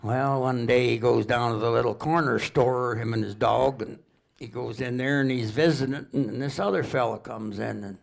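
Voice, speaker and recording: An older man from Alberta telling rambling, folksy stories at a public presentation, unhurried and chuckling. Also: medium pitch, gravelly. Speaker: local storyteller.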